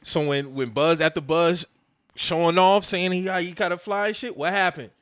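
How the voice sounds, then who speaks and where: A man's voice: fairly high pitch, fairly even intonation, moderate pace, a bit bright, clear, resonant tone, no room sound, clean studio sound. A man co-hosting a podcast, retelling movie scenes in casual, profane chat and acting out the characters' lines. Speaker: podcast co-host.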